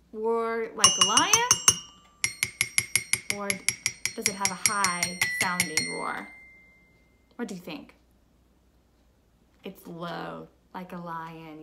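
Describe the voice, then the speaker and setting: A young woman teacher giving a slow, patient music lesson to children, asking them simple questions. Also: fairly low pitch, very noisy.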